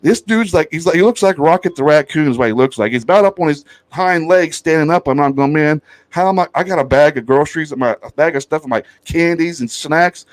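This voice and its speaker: A man hosting a podcast, telling a story in a loud, profane, animated way and laughing often. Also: fairly high pitch, fairly quick, few pauses. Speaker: podcast host. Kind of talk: casual storytelling chat.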